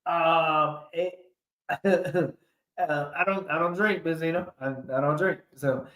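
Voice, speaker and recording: A man's voice: a little high, steady tone, slow pace, a bit bright. A man hosting a casual livestream sports chat, talking in a playful, laughing way as he hypes up the picks. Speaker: host. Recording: echoey room.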